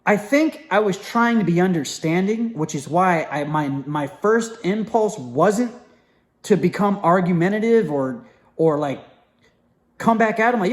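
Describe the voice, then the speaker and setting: His voice pitched a little high for a man, a young man recounts something that happened to him in a casual, loose manner. Lively and full of fillers and restarts, he acts out quoted voices with fast impressions of the people involved.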